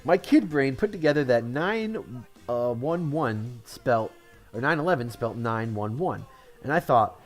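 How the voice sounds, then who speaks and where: A man's voice: medium pitch, animated, unhurried. Male comic from Connecticut, mid-range voice, reels off one-liners and chuckles at his own lines; faint music bed. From Connecticut, USA. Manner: chuckles at his own jokes, offhand self-commentary. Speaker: comedian. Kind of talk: telling one-liner jokes.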